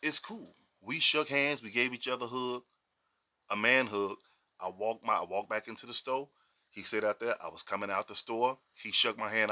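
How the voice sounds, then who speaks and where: A man's voice: medium pitch, steady tone, brisk, sharp tone. A middle-aged man, telling stories on a podcast in a slangy, emphatic way and repeating points for weight. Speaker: podcast co-host. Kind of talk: casual podcast storytelling.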